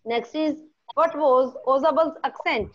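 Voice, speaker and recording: An Indian woman with a high voice runs a lesson, asking each question twice and explaining it step by step. She mixes in a few Hindi words. The sound is muffled and lo-fi. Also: measured pace. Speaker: teacher. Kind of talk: online class lesson.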